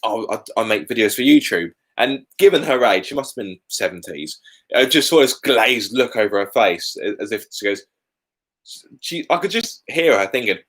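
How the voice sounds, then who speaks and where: A man's voice: fairly low pitch, lively intonation, moderate pace, a bit bright. A British man hosting a casual live Q&A from home, chatty and candid with colourful asides. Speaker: car YouTuber hosting a live Q&A.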